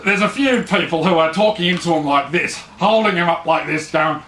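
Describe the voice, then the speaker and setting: A man's voice: on the high side, brisk, few pauses, a bit bright, echoey room, slight background noise. An Australian man giving a sarcastic, mocking comedy lecture as a mock instructor.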